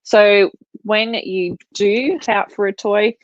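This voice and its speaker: A woman's voice: medium pitch, steady tone, slow, no echo. A woman dog trainer giving practical advice in a chatty live Q&A from home, with lots of fillers. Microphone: livestream mic. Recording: dull, lo-fi and dry.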